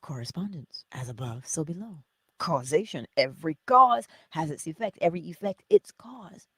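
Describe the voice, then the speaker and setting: A woman's voice: sits low, expressive, normal speed, slightly rough, no room sound. A woman giving an inspirational morning teaching in a preacherly, conversational way, full of rhetorical questions. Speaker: spiritual teacher.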